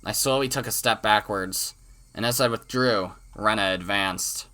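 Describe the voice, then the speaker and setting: Man, let's play host, reads visual novel aloud, very bright tone, dramatic, swears in asides. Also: lowish voice, normal speed. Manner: dramatic reading with profane asides and stumbles.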